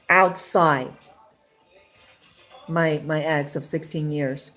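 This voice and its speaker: A woman's voice: deep voice, steady tone, a little slow, soft background music. Emotional, rambling woman from New York. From Queens, New York. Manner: rambling, with many fillers and restarts; emotional, close to tears at times. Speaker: interviewee sharing her love life. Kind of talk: casual personal storytelling.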